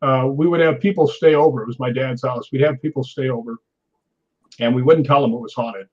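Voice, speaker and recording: A man's voice: mid-range voice, brisk, muffled recording. A man in his sixties, a stuntman and interview guest, telling stories animatedly, acting out quotes and laughing often. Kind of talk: storytelling interview.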